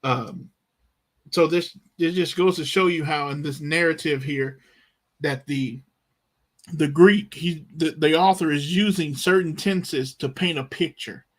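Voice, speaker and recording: This Bible Greek teacher has a fairly high voice with fairly even intonation. He reads verses and explains the tenses slowly and emphatically, with dramatic flair as he acts out the disciples' panic.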